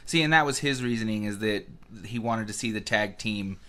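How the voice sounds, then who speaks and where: A man co-hosting a podcast in casual chat, excitable and swearing freely, with mock rants. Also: lowish voice, brisk. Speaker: podcast co-host.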